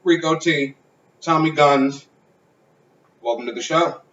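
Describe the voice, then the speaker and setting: A man's voice: a little high, slow, a bit bright, slight background noise. A man hosting a casual podcast from a garage, talking in a loose, rambling way with plenty of swearing. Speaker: podcast host. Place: home garage. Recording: roomy, distant, dull garage sound.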